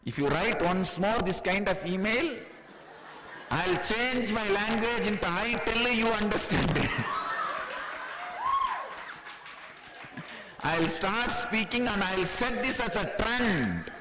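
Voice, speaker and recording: A man from India with an Indian accent giving a spiritual discourse, chuckling often and speaking in an animated, teasing way. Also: high-pitched, a little slow, long reverb tail, over a noisy crowd, very noisy. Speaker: spiritual teacher.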